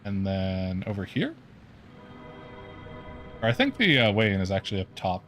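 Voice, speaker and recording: A man's voice: low voice, wildly swooping pitch, moderate pace, fairly bright tone. A man casually commenting while streaming a video game, swearing freely as he talks. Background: game music.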